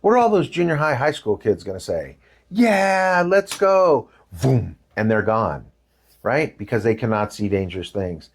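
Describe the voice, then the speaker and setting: A man's voice: on the low side, moderate pace, a little hiss or hum. An older man giving a talk to parents, telling stories with acted-out quotes and asking the audience questions. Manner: animated storytelling with acted quotes. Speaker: presenter.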